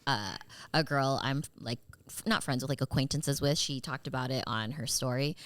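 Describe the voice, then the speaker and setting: A woman's voice: rumbling low, normal speed, no room sound. A woman hosting a podcast in casual chat, talking in a loose, chatty way with plenty of fillers and frequent laughs. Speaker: podcast host.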